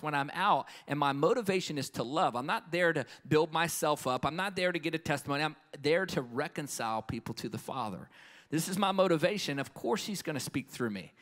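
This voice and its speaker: A man's voice: fairly high pitch, a bit bright. Emphatic male evangelist preaching. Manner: emphatic, storytelling, calls for amen. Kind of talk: live conference sermon. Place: conference hall with live audience.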